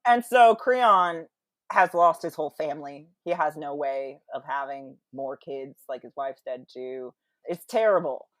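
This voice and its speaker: Animated woman retelling a story. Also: low voice, measured pace, no echo. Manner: animated, full of "like" and quoted voices, laughs often. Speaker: podcast guest. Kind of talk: casual storytelling chat.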